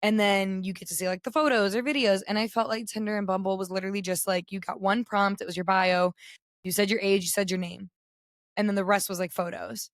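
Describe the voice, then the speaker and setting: Chatty raspy-voiced young woman. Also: medium pitch, a little fast, no room sound, studio quality. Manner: chatty, animated storytelling. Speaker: podcast co-host. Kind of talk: casual chat.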